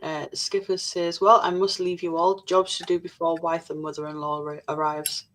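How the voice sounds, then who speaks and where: A woman with a slightly low voice co-hosts a relaxed live stream. She reads viewer comments aloud one after another and answers them with dry, jokey asides and the odd mild swear. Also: moderate pace, poor audio. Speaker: stream co-host reading chat. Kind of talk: casual live-stream chat.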